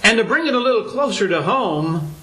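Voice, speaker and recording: A man's voice: high voice, expressive, fairly quick, fairly bright tone, low-quality recording. An older man preaching a sermon to his congregation, earnest and full of rhetorical questions, his voice climbing for emphasis.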